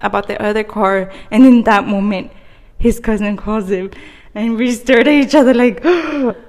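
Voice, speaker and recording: A woman's voice: fairly high pitch, normal speed, a little mellow. Giggly young woman telling a story. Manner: laughs often while telling a story. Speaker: podcast co-host. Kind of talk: casual storytelling chat. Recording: roomy hall reverb.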